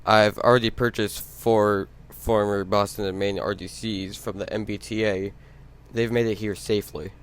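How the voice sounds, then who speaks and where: A man playing a businesslike male railroad manager who briskly gives orders to his crew. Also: lowish voice, little pitch movement, clear, resonant tone, close to an everyday voice.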